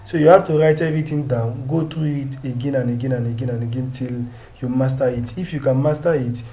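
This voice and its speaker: A man's voice: medium pitch, steady tone, a little fast, dark tone, poor audio. A man with a Nigerian English accent teaching French pronunciation, patiently drilling words and asking rhetorical questions. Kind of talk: pronunciation lesson.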